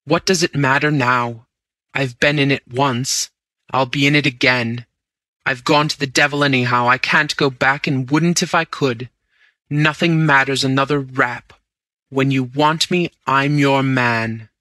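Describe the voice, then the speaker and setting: A man's voice: fairly high pitch, takes it slowly, hardly any pauses, sharp tone, dry recording, pitched above the performer's own voice. Man playing an overwrought young sidekick. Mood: defiant. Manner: agitated, pleading, raised voice.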